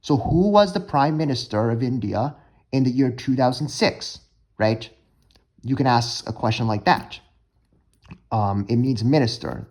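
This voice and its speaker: A young man walks through vocabulary and pronunciations in a relaxed, chatty lesson. He talks in a mid-range voice, often pausing with fillers and restarting his sentences as he thinks aloud. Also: mid-range voice. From United States. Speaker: language learning vlogger. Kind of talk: casual explanatory lesson.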